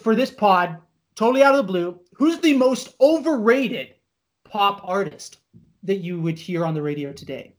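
A man co-hosting a podcast in casual chat, animated and peppering his talk with "like". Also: high-pitched. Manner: animated, many filler "like"s, quick laughs. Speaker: podcast co-host.

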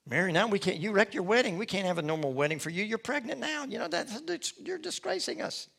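A man putting on shrill scolding townsfolk. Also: sing-song, fast talker, creaky, fairly bright tone, husky, full character voice. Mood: scornful.

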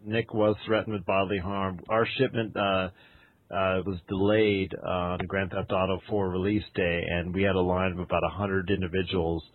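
A man hosting a casual podcast chat, rambling and halting as he talks. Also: deep voice, little pitch movement, a little hiss or hum. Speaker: podcast host. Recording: dry, tinny phone-like sound.

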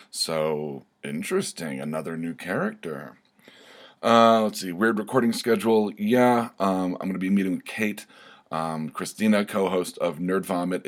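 A man with a very low, deep voice talks through a casual solo podcast update. He rambles, circles back and fills gaps with ums and you-knows, keeping an easygoing, chatty flow. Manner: rambling, many fillers and restarts. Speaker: podcast host.

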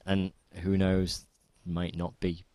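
A man co-hosting a podcast in casual chat, rambling and trailing off into quiet asides. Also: low-pitched, monotone, takes it slowly, dry recording. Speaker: podcast co-host.

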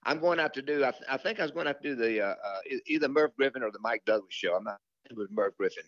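A man's voice: medium pitch, lively intonation, fast, a bit bright, dry recording, highs cut off. An older man, a country singer telling rambling stories from his career in an interview, full of fillers and restarts. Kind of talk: relaxed storytelling interview.

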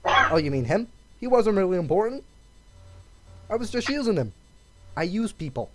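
A man's voice: high voice, big pitch swings, normal speed, background noise, voice pushed up. A man voicing a smug, scheming male anime villain in a casual, taunting way while retelling a scene.

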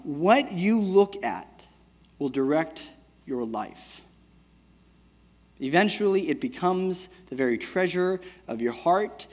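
A man in his thirties preaching a sermon in a casual, conversational way, often checking in with "right?" and telling a family story. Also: fairly high pitch. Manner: conversational, keeps asking "right?". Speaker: pastor. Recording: long hall reverb.

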